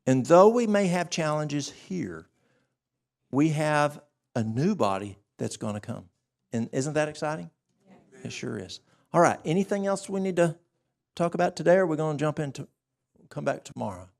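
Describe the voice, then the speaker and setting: A man presenting a church health workshop, telling a story with animated acted-out dialogue. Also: on the high side, normal speed, gravelly, pauses often.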